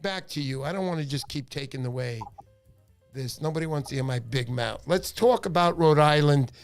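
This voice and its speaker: High, lively, gravelly New host. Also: male voice, normal speed, faint music behind. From New York. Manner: animated, joking, rambling. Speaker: livestream fishing show host. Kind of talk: casual livestream chat.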